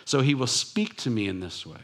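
A man's voice: mid-range voice, big pitch swings, fairly quick. Conversational male pastor preaching. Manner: conversational, reflective, with personal asides. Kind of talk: sermon.

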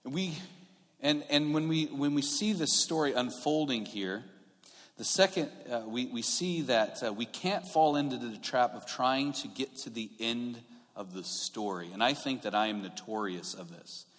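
A man's voice: medium pitch, a little slow, fairly bright tone. A man preaching a sermon in a conversational way, growing emphatic and often restarting his sentences. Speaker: pastor. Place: church sanctuary. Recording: long hall reverb.

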